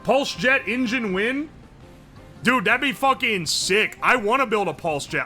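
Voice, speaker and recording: A young man from West Virginia holds forth on his livestream, loud, profane and quick to joke. His voice sits high and rings very bright and sharp, a little worn from hours of yelling, with faint music playing under him. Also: animated. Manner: loud, profane, joking, yells a lot. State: sore throat from streaming. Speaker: streamer. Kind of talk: casual livestream chat reading chat.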